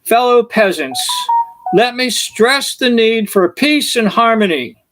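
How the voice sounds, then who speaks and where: A man's voice: very high voice, lively intonation, takes it slowly, a bit bright, faint music behind, voice pushed up, exaggerated voice. A man voicing a pompous medieval king who proclaims lofty words to his peasants. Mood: proclaiming.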